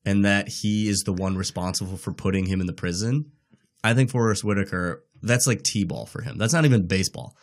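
A man co-hosts a casual film podcast. He talks in a somewhat low voice, animated and joking, and fills his sentences with "like." He argues his points with playful insistence. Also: fairly quick. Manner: animated, joking, many "like" fillers. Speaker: podcast co-host.

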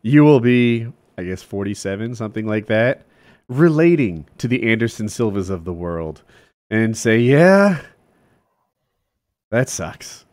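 A man casually telling stories on a podcast, acting out the quoted people with loud outbursts. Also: fairly low pitch, normal speed. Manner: animated storyteller, acts out quotes loudly. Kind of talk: casual storytelling chat.

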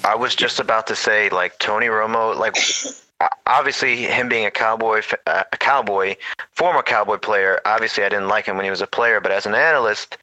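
A man with a lowish voice talks football in a casual, earnest way, restarting phrases with repeated words. His tone is bright and edgy. The recording is dry, with no room sound. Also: a little fast, no room sound, low-quality recording. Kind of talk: casual sports chat.

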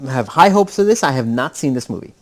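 A man's voice: mid-range voice, lively intonation, fast talker. A man co-hosting a casual film chat, swearing freely and often tagging his sentences with "okay?". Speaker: podcast co-host presenting films.

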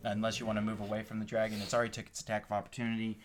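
A man's voice: fairly low pitch, monotone, rapid-fire, music in the background. A man running a tabletop game as game master, swearing and joking with his players. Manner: profane, laughing banter.

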